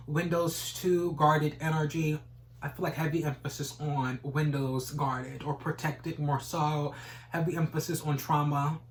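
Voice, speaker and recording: A man's voice: on the high side, a little hiss or hum, rough recording. A man giving a casual tarot reading, rambling and repeating stock phrases, swearing now and then. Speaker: tarot reader.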